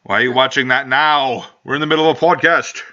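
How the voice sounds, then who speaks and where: A man's voice: mid-range voice, fairly even intonation, quick pace, bright, forceful tone. A man hosting a casual podcast, rambling and joking with frequent swearing. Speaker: podcast host. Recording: dull lo-fi home recording.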